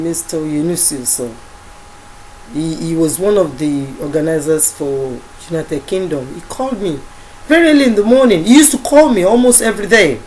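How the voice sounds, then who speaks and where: A woman with a Nigerian accent recounting a story in casual speech, halting often with fillers and restarts. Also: fairly low pitch, slight background noise, poor audio. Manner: halting, many fillers and restarts, quotes others in dialogue. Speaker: activist recounting events.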